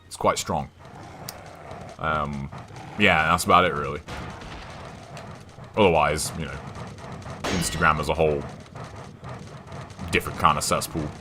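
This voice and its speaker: A man's voice: a bass voice, steady tone, a little slow, long pauses, over music. A young English man streaming a game, rambling and chatting casually, swearing now and then. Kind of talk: casual chat while gaming.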